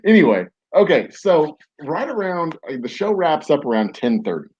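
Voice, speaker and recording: A man's voice: a little high, very animated, moderate pace, darkish tone, husky, highs cut off. A man hosting a podcast, telling a story casually, rambling with many fillers and restarts. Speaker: podcast host.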